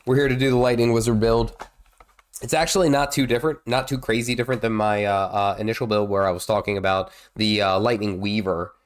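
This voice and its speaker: A man's voice: fairly low pitch, steady tone, fairly quick. A man in his thirties, congested with a cold, rambling casually as he streams a game and reacts to it. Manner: rambling, chatty, exclaims at the game. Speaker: gaming streamer. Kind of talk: casual live gameplay commentary.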